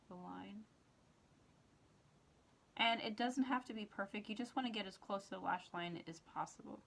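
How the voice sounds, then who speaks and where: A woman's voice: medium pitch, moderate pace, vocal fry, long pauses, a bit bright. A woman hosting a makeup tutorial, talking casually through each step as she works, with her eyes watering. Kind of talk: casual how-to demonstration.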